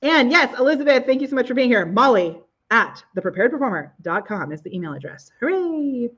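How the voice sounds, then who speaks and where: A woman's voice: fairly high pitch, very animated, a little fast, fairly bright tone, husky, lo-fi sound. A woman hosting a casual live video show from her living room, bubbly and exclamatory, gushing over her viewers. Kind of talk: casual live-stream chat.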